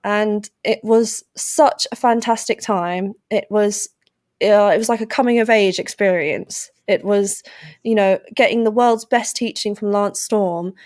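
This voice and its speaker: A young woman from England with an English accent, chatting lively and playfully as a podcast guest. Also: mid-range voice, unhurried, dry recording, studio quality. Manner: lively, playful, puts on silly voices. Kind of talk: casual interview chat.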